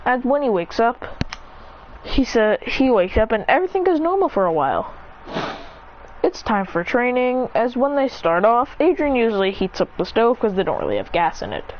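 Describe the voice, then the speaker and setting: A woman's voice: on the high side, very animated, normal speed. A woman casually narrating an improvised story, rambling and correcting herself as she acts out the characters' lines. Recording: dull lo-fi recording with faint noise.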